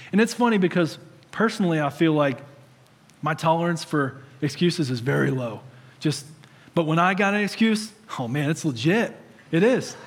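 Pastor, male, 30s, conversational sermon with humor, slightly high voice, echoing hall.

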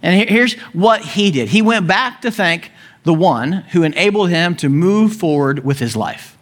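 Animated high-voiced male preacher. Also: measured pace. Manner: animated storytelling, acting out voices, chuckling. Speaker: pastor. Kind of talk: sermon.

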